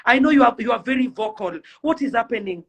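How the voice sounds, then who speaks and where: A woman's voice: on the high side, expressive, quick pace, breathy edge. A young Kenyan woman delivering an impassioned rant to camera, pleading and fiery, firing off rhetorical questions. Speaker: celebrity influencer.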